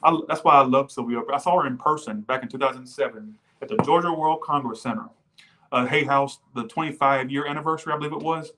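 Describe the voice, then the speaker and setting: A man's voice: mid-range voice, fast, bright, forceful tone. Rambling, foul-mouthed male tarot reader. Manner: rambling, profane, goes off on tangents; reads out viewer donations mid-reading. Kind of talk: casual livestream tarot reading.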